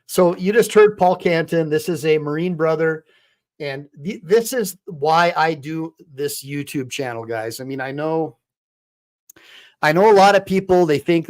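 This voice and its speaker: A man's voice: a little high, normal speed. A man in his fifties from the United States, an attorney hosting a casual livestream, talking in a rambling way with many restarts.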